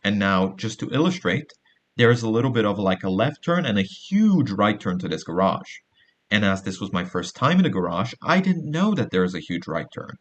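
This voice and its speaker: A man's voice: lowish voice, big pitch swings, moderate pace, lo-fi sound. A young man hosting a podcast, telling a long digressive story with a sardonic edge and acting out the people he quotes. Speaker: podcast host. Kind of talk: rambling storytelling monologue.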